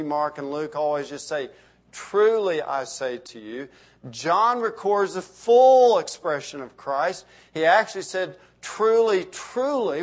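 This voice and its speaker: A middle-aged man delivers a sermon from the pulpit. His voice sits a little high for a man. He leans hard on repeated phrases, then lets each sentence sink to a soft close. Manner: emphatic preaching with rising emphasis and soft trailing endings. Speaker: pastor.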